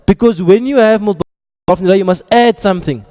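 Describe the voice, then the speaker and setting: A male teacher leads a classroom lecture with a high, mellow voice. He quizzes the students and drops playful jokes between drills. A long reverb hangs on every word. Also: fairly quick. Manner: quizzing students, joking asides. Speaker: Arabic grammar teacher.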